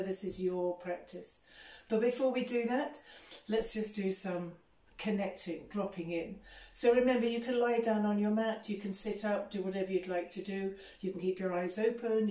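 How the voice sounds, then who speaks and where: A woman leads a yoga class with gentle, soothing guidance, her tone mellow and warm. She sits a little back from the microphone, and the room around her rings with echo. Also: mid-range voice, distant mic. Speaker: yoga teacher. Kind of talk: guided yoga instruction. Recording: echoey room, voice off-mic.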